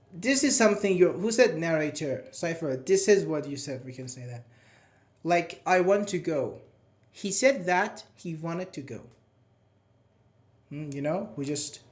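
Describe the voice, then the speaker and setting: A man teaching a grammar class live, talking in a loose, chatty way and asking his students questions. His voice sits a little higher than most men's, and he keeps praising students by name as they answer. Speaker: English teacher.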